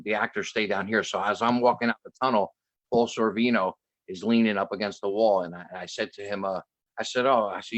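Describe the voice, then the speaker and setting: A man's voice: on the low side, no room sound. A man telling a rambling anecdote in casual podcast talk, often restarting his sentences. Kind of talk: casual storytelling.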